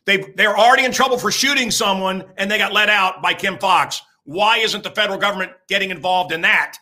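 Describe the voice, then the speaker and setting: A man in his sixties, a radio host, ranting loudly and emphatically, rambling and repeating himself, with crude jokes and bursts of shouting. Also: sits high, a little fast. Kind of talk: ranting talk-show monologue.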